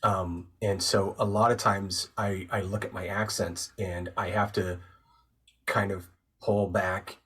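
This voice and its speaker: Heard far from the mic, this man speaks slowly in a low, slightly rough voice. He's a voice actor and narrator guesting on the show, explaining his craft step by step in a calm, thoughtful way during a casual interview conversation.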